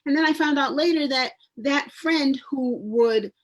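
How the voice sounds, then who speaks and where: Speaking in a panel discussion for her community, a New York genealogist and public historian uses a high-sitting voice and a slightly slow pace. She's conversational and animated in her storytelling, frequently restarting as she goes.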